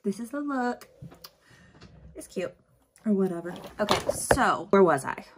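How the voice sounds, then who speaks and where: Medium in pitch and sing-song, her voice moves at a measured pace with a slight hiss or hum. She's a book vlogger chatting casually through a book recap as she does her makeup, heavy on "like" and acting out quotes.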